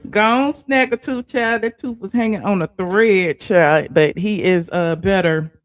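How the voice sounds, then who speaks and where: A woman hosts a casual livestream from a small room at home, chatting with her viewers, responding to the chat and calling them child and honey. Her medium-pitched voice is unhurried, picked up by a computer mic at her desk with no echo.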